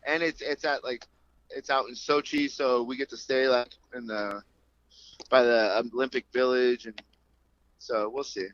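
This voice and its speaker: A man in his thirties, an MMA fighter guest on a remote call, telling stories in an animated, profane way and acting out the voices in them. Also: mid-range voice, measured pace, no echo. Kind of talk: casual storytelling interview. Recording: dull call audio.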